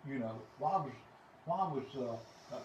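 A man joining a casual Bible discussion, speaking earnestly with a halting, restarting manner. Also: mid-range voice, animated, a little mellow, dull audio, a little hiss or hum. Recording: roomy, distant mic with faint ambience.

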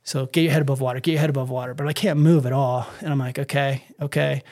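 A man's voice: medium pitch, fairly even intonation, fast talker, darkish tone. A man telling his own story in a casual interview, rambling with many fillers and acting out his own thoughts. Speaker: guest.

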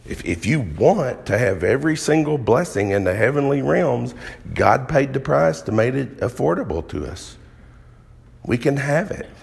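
Low, gravelly male preacher, earnest and emphatic, reverberant church hall. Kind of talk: sermon.

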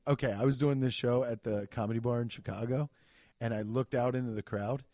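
A man's voice: mid-range voice, steady tone, brisk, warm tone, no echo, clean studio sound. A man, a comedian and podcast host, telling rambling stories full of "like" and crude jokes in casual chat.

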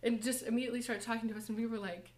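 A young woman in a church college group, giving a personal testimony and short lesson, talking softly and haltingly with many fillers and nervous laughs. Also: on the high side, fairly even intonation. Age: young adult.

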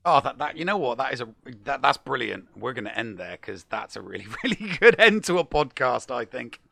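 A man co-hosting a podcast in casual chat, speaking haltingly with many fillers as he wraps up. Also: mid-range voice, very animated, gravelly, bright, forceful tone. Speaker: podcast co-host.

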